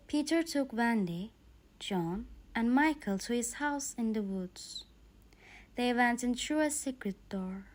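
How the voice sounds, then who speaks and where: A woman reading a bedtime story aloud for English learners, clear and expressive. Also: on the high side, takes it slowly.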